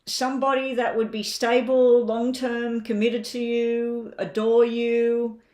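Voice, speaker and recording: A woman's voice: on the high side, level tone, slow, a little mellow. A woman with an Australian accent giving a live-stream tarot reading, chatting and thinking aloud as she lays out the cards. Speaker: tarot reader.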